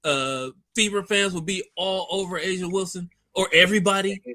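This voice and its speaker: A man co-hosting a sports podcast, arguing his points in an exasperated, lively way and laughing easily. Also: sits high, normal speed. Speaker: podcast co-host. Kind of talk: casual sports talk.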